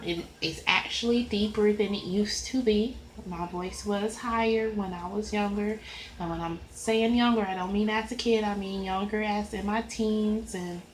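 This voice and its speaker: A woman with a Southern accent and a high voice, talking slowly and rambling in a chatty, easygoing way as she colors. Her voice carries in a roomy, echoey space. A faint hiss of noise sits underneath. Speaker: coloring video creator. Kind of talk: casual chat while coloring. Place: at home at a coloring desk.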